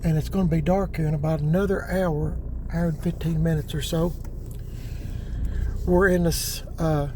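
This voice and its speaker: An older man rambles on in a folksy vlog, his voice sitting a little high. He fills his talk with lots of "uh" and "you know." The audio is noisy, with car and yard sounds picked up outdoors. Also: steady tone, moderate pace, pauses often. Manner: rambling, folksy, with many fillers. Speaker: channel host. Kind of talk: casual vlog narration while moving cars. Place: outdoors in a yard, in and around cars.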